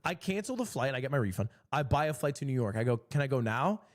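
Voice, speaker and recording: A man streaming, telling a story in a casual, animated and exasperated way. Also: medium pitch, fast talker.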